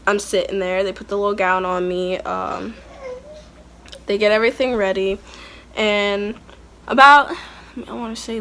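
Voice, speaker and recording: A woman's voice: medium pitch, a bit bright, a little hiss or hum. A young woman casually telling a story about her labor in a chatty, rambling way, sometimes breaking off to talk to her toddler. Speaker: vlogger telling a birth story.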